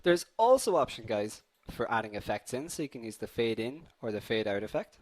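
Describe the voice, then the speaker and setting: A young male coding instructor hosts a live online class, brisk, upbeat and chatty, calling his viewers "guys" as he runs a poll and takes questions. His voice is mid-pitched and animated, with a slight cold noticeable.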